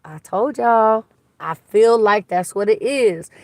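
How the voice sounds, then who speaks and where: A woman with a mid-range voice livestreams casually on her phone from inside a car, speaking slowly. She chats bluntly, swears freely and gossips while reading viewer comments. There's no room sound.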